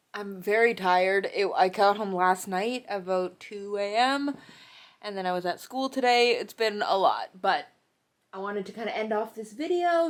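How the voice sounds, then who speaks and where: A chatty young woman talks to her camera in a casual vlog. Her voice sits at a middle pitch, and she fills her talk with easygoing asides and fillers. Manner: chatty and excitable, many fillers. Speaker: convention artist vlogger.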